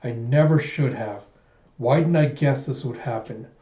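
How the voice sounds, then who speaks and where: Man voicing a self-blaming young bodyguard; anguished, mellow voice, dull roomy sound. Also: mid-range voice, unhurried, close to an everyday voice. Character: young male bodyguard, guilt-stricken and protective. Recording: dull, roomy home recording.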